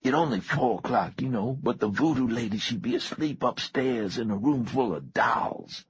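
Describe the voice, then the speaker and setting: A man reading as a boastful teenage gang boy with an injured throat, talking in husky street slang. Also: mid-range voice, expressive, moderate pace, no echo, pitched above the performer's own voice. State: sore throat. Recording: dull lo-fi recording.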